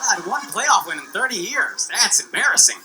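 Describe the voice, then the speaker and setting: A man's voice: high voice, sing-song, normal speed. Brash profane male stand-up comic. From United States. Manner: brash, profane, mocking punchlines. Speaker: stand-up comedian. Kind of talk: stand-up comedy set. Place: comedy club stage with laughing audience. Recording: loud noisy stand-up special audio.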